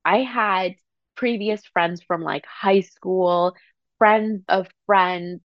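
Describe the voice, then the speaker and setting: A young woman from Canada with a lowish voice tells a personal story on her podcast, raw and emotional, peppered with swearing and filler "likes". The recording is close and dry, with a slightly muffled, dull tone. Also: drawn-out words, dry recording. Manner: emotional, swears freely, says "like" a lot. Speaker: podcast host.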